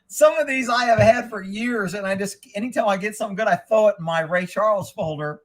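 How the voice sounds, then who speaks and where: Giggly man with a high voice. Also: fairly quick, few pauses. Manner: chuckling, loose and irreverent. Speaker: livestream host. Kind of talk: casual livestream chat.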